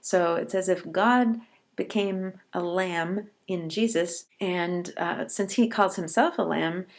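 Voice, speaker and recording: A woman lecturer talks through a poem in a patient, explanatory way. She slows down to read each verse line with care before unpacking it. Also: lowish voice. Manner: patient, explanatory, reads verse lines slowly and deliberately. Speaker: college professor.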